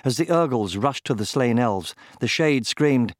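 This fantasy audiobook is told by a man whose medium-pitched voice stays steady and measured throughout. It's a clean studio recording without any room sound.

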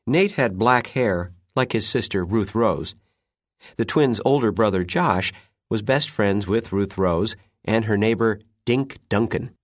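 A man narrating a children's story in an unhurried, expressive reading. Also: on the low side, no echo, studio quality.

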